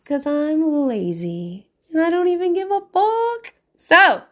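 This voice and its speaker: A woman's voice: high-pitched, animated, slow pace. A woman in her thirties, a mother of five, giving candid parenting advice in a casual monologue, swearing freely and laughing often.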